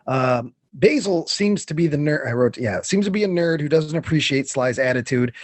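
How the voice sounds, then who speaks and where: A man's voice: on the high side, expressive, normal speed, dry recording. A man co-hosting a podcast, recapping a film scene by scene in loose chat, with lots of fillers and swearing. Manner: swearing, rambling with many fillers.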